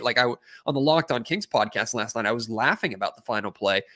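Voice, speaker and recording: A man talking as a guest sports anchor on a sports radio show, ranting with emphatic, animated energy. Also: medium pitch.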